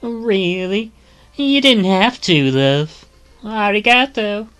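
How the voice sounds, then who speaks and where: Brief: woman voicing a blunt, cheerful young woman for a game read-through; chirpy, unhurried, faint music behind. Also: medium pitch, animated, a bit bright, clear, resonant tone, voice pushed up. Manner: chirpy, sing-song, calls people love. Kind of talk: reading a visual novel aloud.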